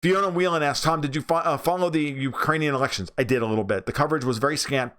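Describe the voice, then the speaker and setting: A man's voice: fairly high pitch, fast talker, a bit bright, smooth. A man with a New York accent hosting a livestream, talking bluntly and profanely while reading viewer comments. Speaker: livestream host.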